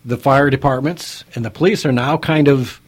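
A man's voice: mid-range voice, normal speed, husky, dry recording. A man hosting a talk radio show, chatting conversationally with many fillers. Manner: conversational, lively, with frequent fillers. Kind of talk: casual talk radio banter.

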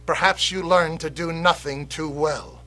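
An actor playing a fiery male patriot orator, delivering an impassioned scripted speech that swings from loud rallying cries to hushed warnings. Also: on the high side, fairly even intonation, unhurried, soft background music. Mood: rousing. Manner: rousing, declamatory, swings from shouting to hushed. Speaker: actor in a political video.

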